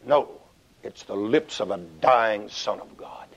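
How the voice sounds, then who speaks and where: A man preaching a sermon, dramatic, swinging from hushed whispers to shouted peaks. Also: mid-range voice, very animated, takes it slowly, husky. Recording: dull lo-fi recording.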